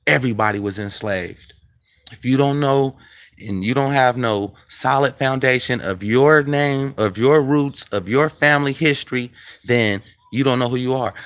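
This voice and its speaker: A man's voice: mid-range voice, a bit bright, no room sound, low-quality recording. A man, talking loosely and conversationally to his viewers as a video host. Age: 40s. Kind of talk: casual talk to viewers.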